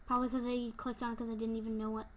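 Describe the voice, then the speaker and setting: A young woman commenting on her own game play, excitable, yelping and squealing at times, then dropping to whispers. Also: fairly high pitch, racing, a little hiss or hum. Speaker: gamer.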